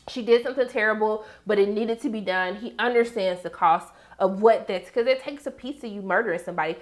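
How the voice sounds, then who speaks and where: Brief: young woman, TV recap host, sassy and animated, voice pitched a little high. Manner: sassy, animated, talks back to characters. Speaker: TV recap reviewer. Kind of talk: casual episode recap.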